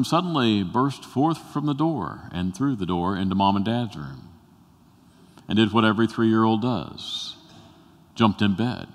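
A male pastor preaching a sermon, telling a story that swells to loud bursts and drops to a hush. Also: fairly low pitch. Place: church sanctuary. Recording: long reverb in a church sanctuary.

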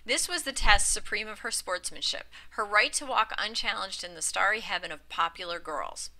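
A woman's voice: mid-range voice, moderate pace, sharp tone, rough recording. A woman reading a literary short story aloud as narrator, with occasional slips and restarts and a livelier lift for the dialogue. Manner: reads aloud with small slips and restarts, lifting her voice for quoted lines. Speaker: reader. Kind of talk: audiobook narration.

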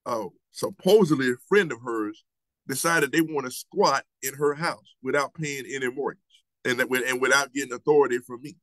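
A man, a church elder, preaching a sermon over a video call, asking rhetorical questions, repeating himself and slowing down to stress his points. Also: a little high, fairly bright tone, dry recording, rough recording.

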